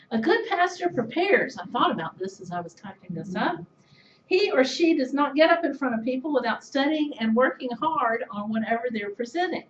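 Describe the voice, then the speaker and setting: A middle-aged woman giving an anecdotal tribute speech, telling stories in a measured way with soft laughs. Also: sits high, expressive, slight background noise. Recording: echoey, slightly dull room recording.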